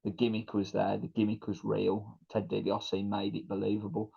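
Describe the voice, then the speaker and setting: A man's voice: on the low side, completely flat delivery, moderate pace, gravelly, husky, lo-fi sound. A man co-hosting a podcast, chatting casually, blunt and enthusiastic. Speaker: podcast co-host. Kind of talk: casual chat.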